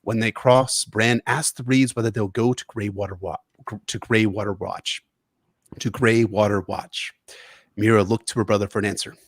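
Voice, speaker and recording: A man's voice: fairly low pitch, fairly even intonation, normal speed, no echo. A man in his young adult years, co-hosting a podcast and reading a chapter synopsis with earnest, emotional delivery. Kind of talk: book synopsis reading and chat.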